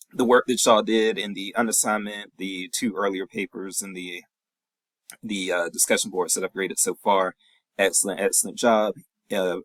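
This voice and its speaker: Deep voiced guy professor doing a chill class check-in video, dry close mic. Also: no room sound, poor audio. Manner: relaxed, reassuring, chatty with fillers. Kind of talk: recorded course check-in lecture.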